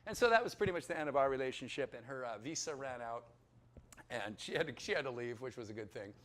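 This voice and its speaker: Animated man telling his testimony. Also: medium pitch, fast. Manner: animated, acts out voices in his stories. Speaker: testimony speaker. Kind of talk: personal testimony storytelling.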